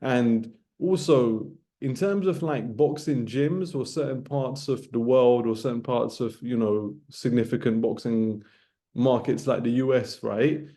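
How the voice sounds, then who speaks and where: Ranting man, mellow voice. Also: medium pitch, a little slow. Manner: emphatic, repeats himself, drops 'man' and 'bro' at the ends of phrases. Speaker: boxing commentator vlogger. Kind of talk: casual ranting monologue to camera.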